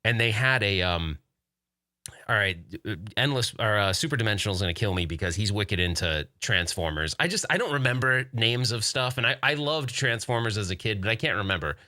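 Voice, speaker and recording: A man's voice: fairly low pitch, animated, brisk, bright, forceful tone, no echo, clean studio sound. A man in his forties hosting a podcast, rambling casually through listener questions and laughing often. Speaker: podcast host. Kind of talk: casual chat reading live chat questions.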